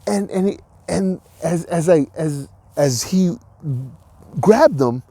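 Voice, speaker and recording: Hosting his podcast solo, this man speaks slowly in a slightly high, dark-toned voice with lively intonation and no echo. His casual monologue rambles, full of restarts and fillers, yet stays earnest and encouraging.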